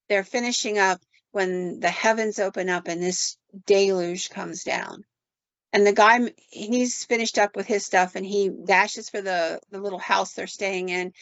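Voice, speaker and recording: A woman podcast host telling a story in an animated, conversational way, often quoting people with "like". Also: mid-range voice, no echo. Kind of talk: casual storytelling. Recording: dull, dry sound.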